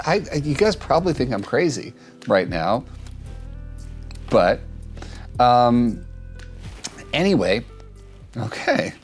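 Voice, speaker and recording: A man hosting an advice show, talking casually and warmly about a shy cat, often repeating and restarting words as he gets emotional. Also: medium pitch, very animated, slow, pauses often, soft background music. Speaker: cat behaviorist host reviewing a viewer video. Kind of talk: casual advice talk to camera.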